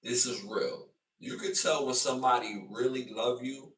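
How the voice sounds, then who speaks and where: Far from the mic, a man with a mid-range voice speaks at normal speed, hosting a live podcast for his chat. Casual and animated, he repeats himself to emphasize things and voices arguments loudly as if acting them out.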